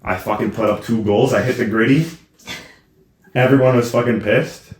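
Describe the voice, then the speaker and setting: A young man co-hosting a casual podcast with his sister. He teases and boasts as he tells his stories, at an ordinary pitch. The room around him echoes. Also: steady tone, normal speed, a little hiss or hum. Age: young adult. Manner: teasing, boastful storyteller. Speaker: podcast co-host. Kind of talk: casual sibling banter.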